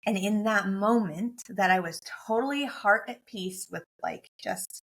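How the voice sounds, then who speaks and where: A woman's voice: mid-range voice, a little slow. Earnest woman telling a heartfelt story. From United States. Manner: earnest and emotional, repeating key phrases. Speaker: guest, motivational speaker and coach. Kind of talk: heartfelt personal storytelling in an interview.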